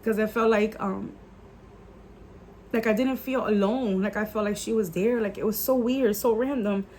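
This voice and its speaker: An earnest woman recounts a personal faith testimony to her viewers in a casual vlog. She sounds emotional, leans on "like" constantly and drops in the odd Spanish phrase. Her voice sits at a middle pitch over a faint background hiss. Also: steady tone, moderate pace, darkish tone. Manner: earnest and emotional, many "like" fillers. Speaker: YouTuber sharing a faith testimony.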